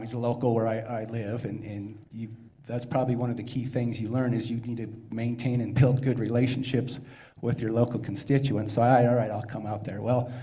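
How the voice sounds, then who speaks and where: A man's voice: mid-range voice, mellow. Man telling a story in an echoey hall. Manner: laughing, self-deprecating storyteller. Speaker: panelist. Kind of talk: storytelling at a panel. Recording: echoey hall with long reverb.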